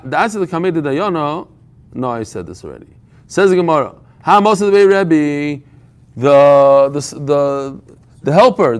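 A man teaching an informal Talmud class, telling the story with humor and frequent restarts. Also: a little high.

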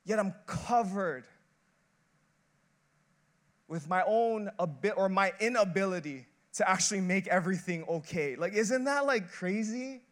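High-voiced man preaching a sermon. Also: lively intonation, unhurried. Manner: conversational, emphatic preaching with repeated "like" and rhetorical questions; builds emphasis through repeated short phrases. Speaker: associate pastor.

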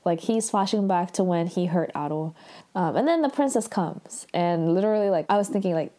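A woman's voice: lowish voice, animated, a little fast, dark tone. A young woman casually recapping a drama episode, chatty and full of "like" and "um" fillers. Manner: chatty, heavy use of "like" and "um".

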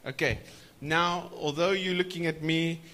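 Man preaching, drawn-out emphatic words. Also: fairly high pitch, steady tone, bright, forceful tone. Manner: stretches key words slowly for emphasis; prompts the audience to respond. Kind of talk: sermon. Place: church conference.

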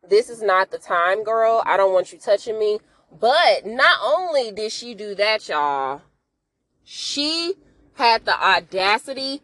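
A woman hosting a podcast, retelling a TV episode in a chatty, animated way full of slang and asides. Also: medium pitch. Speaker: podcast host. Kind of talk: casual episode recap.

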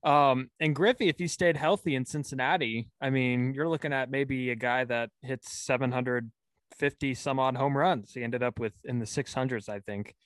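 A man's voice: mid-range voice, steady tone, moderate pace, no room sound. Male host, dry close sound, loose rambling questions. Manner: rambling, searching questions with fillers. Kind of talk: casual interview.

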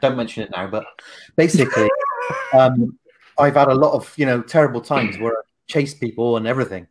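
A man's voice: medium pitch, a little fast, slight background noise. A man hosting a podcast, chatting casually and reflectively about his own temper.

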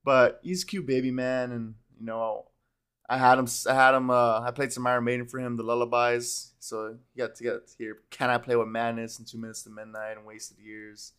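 A man's voice: mid-range voice, flat delivery, brisk, fairly bright tone, clean tone. A young man co-hosting a casual podcast chat, rambling and laughing often, swearing freely. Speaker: podcast co-host.

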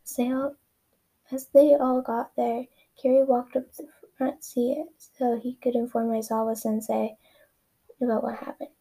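A woman's voice: fairly high pitch, little pitch movement, a little slow, dark tone, low-quality recording. A young woman casually reading her own story aloud, often correcting herself and dropping into whispered asides. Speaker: reader of her own fan fiction.

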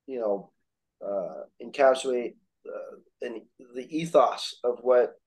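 A man's voice: mid-range voice, a little mellow. A man, a pastor and podcast co-host, quoting scripture and reflecting with many fillers. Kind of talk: casual discussion.

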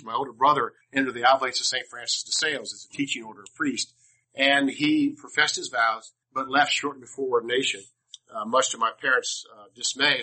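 Older guy from dc rambling through funny stories, husky and punchy voice. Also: medium pitch, sharp tone, low-quality recording. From Washington, D.C. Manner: rambling, self-interrupting, humorous. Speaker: speaker to a class. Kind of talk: personal storytelling talk.

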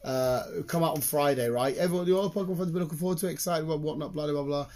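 A man, hosting a casual chat, excitable and sweary, breaking into laughter. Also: a little high, very fast.

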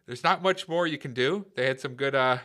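A man with a bright, forceful voice talks through a war film on a podcast. He recaps scenes with lively energy and drops the odd curse. His tone stays loose and conversational. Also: medium pitch, brisk. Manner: animated scene retelling, swears casually. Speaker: podcast co-host. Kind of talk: casual movie discussion.

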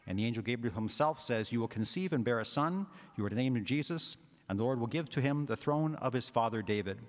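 A man's voice: mid-range voice, animated, fast. A man, a parish priest, giving a conversational homily with frequent filler words. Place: church. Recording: long church reverb.

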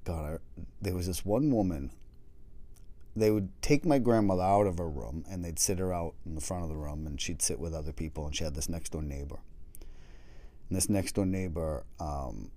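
A man's voice: low-pitched, normal speed, warm tone. A man talking casually and rambling, joking at his own expense and swearing now and then as he acts out little quotes. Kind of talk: casual chat.

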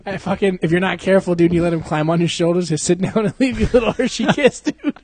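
A man's voice: high-pitched, normal speed, darkish tone, slightly rough, dry recording. A young adult man chatting casually, rambling through crude stories full of swearing and frequent laughter. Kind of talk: casual chat.

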